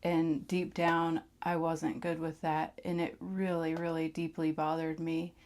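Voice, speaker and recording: A woman candidly recounting a personal experience to camera, blunt and profane, sometimes dropping into a hush. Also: deep voice, little pitch movement, measured pace. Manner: blunt and profane, drops into hushed tones. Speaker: vlogger sharing her past.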